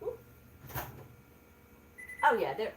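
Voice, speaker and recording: A woman, chatting casually on a livestream from her home kitchen, laughing often. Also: extremely slow. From Southeastern Virginia. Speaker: vlogger.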